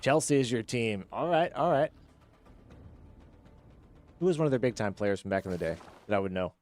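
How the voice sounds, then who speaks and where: A man streaming a game live, chatting with viewers and reacting excitedly as he plays. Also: mid-range voice, moderate pace. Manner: chatty, reads chat, excitable. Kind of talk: live gameplay commentary.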